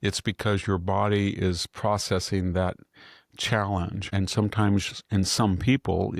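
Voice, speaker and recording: Gravelly-voiced older man, opinionated. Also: deep voice, level tone, unhurried, no room sound, studio quality. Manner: rambling, opinionated, frequent restarts. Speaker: podcast host. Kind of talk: casual political commentary.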